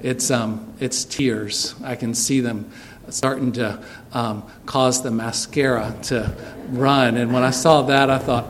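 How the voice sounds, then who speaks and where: A middle-aged man, preaching a sermon in a church sanctuary, telling a personal story earnestly and dropping soft and low for tender moments. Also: steady tone, slow, slight background noise. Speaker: pastor.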